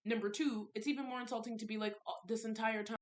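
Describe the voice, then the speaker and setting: A woman's voice: fairly high pitch, steady tone, fast. A young woman vlogging a candid, frustrated story about her relationship, ranting and repeating herself for emphasis. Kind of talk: confessional storytime vlog.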